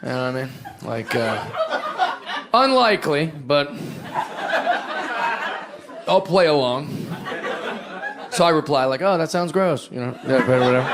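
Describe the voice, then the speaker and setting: A man doing a stand-up comedy set on a club stage, profane and animated, acting out the voices of others. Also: fairly high pitch, takes it slowly, pauses often, very noisy. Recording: audience laughter throughout. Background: crowd laughing.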